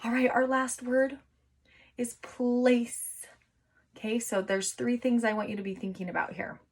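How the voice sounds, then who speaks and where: A woman teaching young children to write, encouraging them and sounding out words slowly syllable by syllable. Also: on the high side, little pitch movement. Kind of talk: remote phonics and writing lesson for young children.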